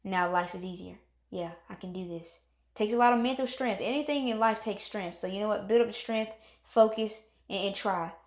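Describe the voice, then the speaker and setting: A woman's voice: medium pitch, moderate pace, reverberant. A woman giving a casual motivational talk, earnest and encouraging, repeating herself and acting out moods as she speaks.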